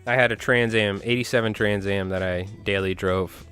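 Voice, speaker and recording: A man's voice: fairly low pitch, steady tone, normal speed, a bit bright, clean tone, soft background music. A man hosting a fly tying live stream, chatting casually with viewers and rambling through anecdotes with frequent chuckles. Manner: rambling storyteller, chuckles often, talks to chat.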